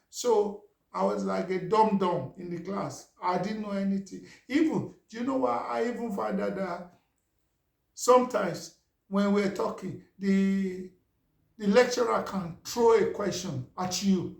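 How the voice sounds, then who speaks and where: Nigerian guy chatting away, kinda high gravelly voice, echoey room. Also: measured pace. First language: Yoruba. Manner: chatty, repeats "you understand?". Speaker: vlogger. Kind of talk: casual storytelling monologue. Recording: roomy echo.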